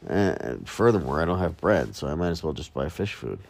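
A man's voice: extremely low pitch, big pitch swings, brisk, vocal fry, a little hiss or hum. A man hosting a solo podcast, rambling casually and mocking himself with jokey asides in the early morning. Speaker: podcast host.

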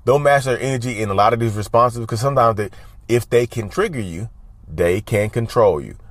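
A medium-pitched man speaks a little fast, recorded with no room sound, as an advice vlogger talking casually to camera. He often calls his viewers y'all and gives them advice in an emphatic, repetitive way.

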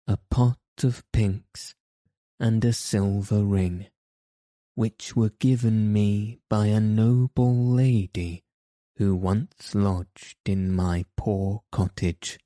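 A man reading the lines of a poor, dying old labourer who speaks lovingly to his children, in a gentle, measured storybook way. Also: fairly low pitch, fairly even intonation, no room sound, studio quality. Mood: tender.

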